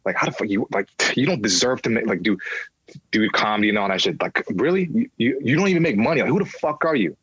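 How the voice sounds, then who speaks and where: A man's voice: medium pitch, lively intonation, fast talker, a bit bright, husky, dry recording, lo-fi sound. A man in his thirties tells a candid personal story on a podcast, swearing freely and slipping into little acted-out voices. His voice sits in a middle range and the sound is close and dry, with no room around it. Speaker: podcast guest, comedian.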